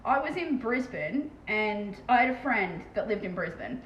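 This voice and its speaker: A woman with an Australian accent chatting fast and casually on a live stream as she paints terrain, swearing freely. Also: medium pitch, expressive, lo-fi sound. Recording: echoey room with faint background noise.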